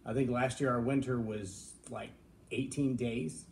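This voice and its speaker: Middle-aged man from Texas, vlog host, folksy and reflective, mellow warm tone, medium pitch. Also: fairly even intonation, measured pace, gravelly, a little hiss or hum. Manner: folksy, reflective, jokey asides. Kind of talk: casual live-stream talk.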